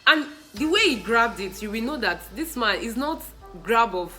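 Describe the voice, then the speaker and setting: A young Nigerian woman tells funny stories to camera with a bright, crisp voice. She talks in an animated way and keeps breaking into laughter and exclamations. Soft music plays faintly behind her. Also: on the high side, fairly quick, low-quality recording. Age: young adult. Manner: animated, laughing, mixes in pidgin and Yoruba exclamations. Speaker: vlogger. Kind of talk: casual storytelling vlog.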